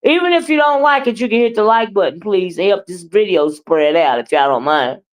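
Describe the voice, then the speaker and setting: A woman doing livestream commentary, blunt, profane and animated as she trash-talks and chats with viewers. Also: mid-range voice, fairly quick. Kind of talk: live commentary and chat with viewers.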